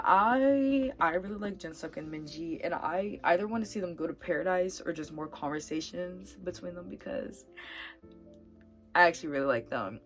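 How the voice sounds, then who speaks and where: Low-voiced woman vlogger, chatty and animated. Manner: animated, talks herself into getting worked up. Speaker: vlogger reacting to a reality dating show. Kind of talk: casual chat.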